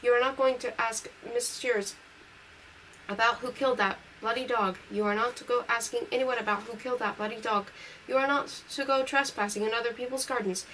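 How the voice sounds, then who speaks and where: A woman's voice: a little high, fairly even intonation, brisk, pushed and bright. A woman voicing a stern, exasperated middle-aged father who scolds in clipped sentences, read in her own voice. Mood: angry. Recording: distant mic with faint hiss.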